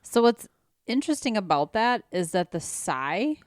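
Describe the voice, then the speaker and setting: A woman co-hosting a paranormal podcast, chatting casually with quick agreeing interjections. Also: mid-range voice, big pitch swings, heavy background noise. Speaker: podcast co-host. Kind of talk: casual chat.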